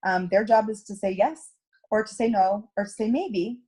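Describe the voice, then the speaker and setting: A woman's voice: medium pitch, normal speed, darkish tone, husky. A middle-aged woman coaching a direct sales team in a chatty storytelling talk, acting out quoted dialogue. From Canada.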